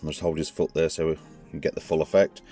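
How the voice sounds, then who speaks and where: Deep-voiced man, chatty and rambling. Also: level tone, fast talker, warm tone, faint music behind. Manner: chatty, rambling, self-correcting. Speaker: toy reviewer. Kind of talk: casual hands-on review.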